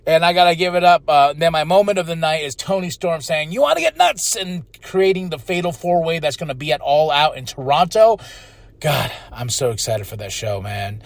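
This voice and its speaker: A man hosting a podcast, giving a casual, excitable recap of a wrestling show and now and then shouting out the wrestlers' lines and chants. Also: on the high side, moderate pace, no room sound. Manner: excitable, chatty, slips into loud impressions of the wrestlers. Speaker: podcast host.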